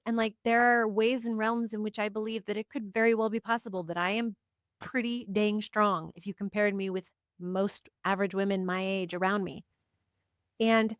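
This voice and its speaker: A woman's voice: mid-range voice, smooth, no room sound. A woman speaks in a dry, close room with a mid-range voice. She is a psychic reader telling her own story in a chatty monologue. She punches out short, emphatic affirmations one after another. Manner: chatty, frequent "like" fillers. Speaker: psychic reader and spiritual teacher. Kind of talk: casual personal monologue to camera.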